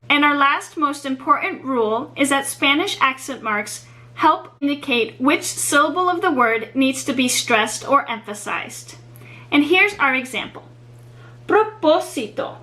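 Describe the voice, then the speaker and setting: A woman tutoring a beginner Spanish lesson, speaking slowly and clearly with encouraging praise. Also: high-pitched, bright, forceful tone. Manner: slow, clear, encouraging teacher delivery. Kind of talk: scripted language lesson. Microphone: USB headset.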